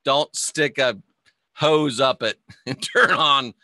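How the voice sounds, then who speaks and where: A bright-voiced man of medium pitch hosts a live online show, chatting casually and reading viewer comments. He rambles, jokes and is quick to laugh, and the sound is clean studio audio with no room sound.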